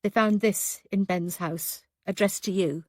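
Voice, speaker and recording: A woman voicing a caring, weary pathologist who speaks gently and plainly. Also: medium pitch, steady tone, measured pace, no room sound, clean studio sound, natural voice. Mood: gentle.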